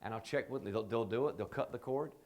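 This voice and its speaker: A man leading a leadership training seminar, telling animated stories and acting out the people he quotes. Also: mid-range voice, fast talker. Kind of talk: seminar talk.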